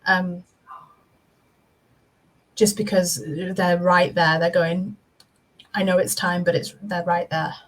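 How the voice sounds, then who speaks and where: A woman giving a spiritual reading to viewers on a video call, in a soft, flowing, reassuring way. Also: on the low side, little pitch movement, slow pace, pauses often, low-quality recording. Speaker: intuitive reader, guest. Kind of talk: live-stream spiritual reading.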